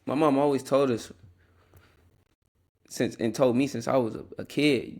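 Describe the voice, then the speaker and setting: A man's voice: mid-range voice, fairly even intonation, measured pace, darkish tone. A young man hosting a Christian podcast, talking earnestly in a rambling, casual way with restarts and asides. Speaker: podcast host.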